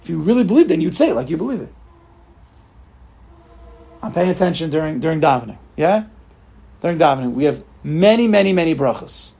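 A man leading an informal religious study group, animated and repetitive, acting out examples for his listeners. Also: on the high side, brisk, gravelly, long pauses, husky. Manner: animated, repeats himself, acts out examples. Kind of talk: informal religious class talk.

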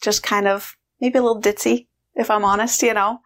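A woman's voice: mid-range voice, a little fast. A woman in her forties telling a personal story on her vlog, acting out the voices as she goes. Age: 40s. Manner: animated storyteller acting out dialogue. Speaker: vlogger, weight-loss coach.

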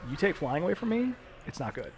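A man's voice: sits high, very animated, fast talker, darkish tone. Blunt, sarcastic man talking shop. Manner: blunt, sarcastic, swears freely. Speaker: pilot and former medic. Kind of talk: casual podcast chat.

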